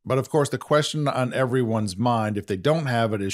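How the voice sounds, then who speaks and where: A man's voice: mid-range voice, brisk, hardly any pauses. A man hosting a podcast, explaining things in a chatty, self-deprecating way. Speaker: podcast host. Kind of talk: conversational podcast banter.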